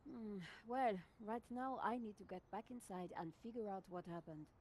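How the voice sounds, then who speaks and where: An actress playing a brisk, curious young journalist in a video game, asking probing questions. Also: female voice, medium pitch, a little mellow, a little hiss or hum, close to an everyday voice.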